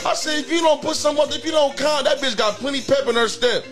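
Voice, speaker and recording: A man's voice: very high voice, fast talker. A man hosting a crude comedy call-in show, talking in a brash, insulting, rambling way. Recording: background music throughout.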